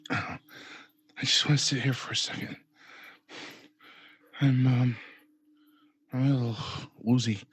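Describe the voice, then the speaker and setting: A man voicing an injured young woman who is dazed and weak, speaking in faint, halting phrases. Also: medium pitch, little pitch movement, husky, no echo, pitched above the performer's own voice. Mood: woozy.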